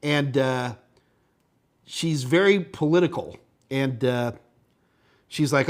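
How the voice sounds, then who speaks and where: A man hosting a live tech question-and-answer stream, rambling casually and thinking out loud as he reads viewer chat. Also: mid-range voice, unhurried. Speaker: tech instructor and show host.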